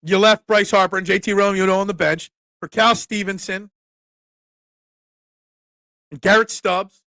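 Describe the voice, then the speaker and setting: High, bright-voiced male sports talk host. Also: fairly even intonation, a little slow, no room sound, studio quality. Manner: chatty, joking asides, fillers and restarts. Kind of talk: casual live-stream chat reading comments.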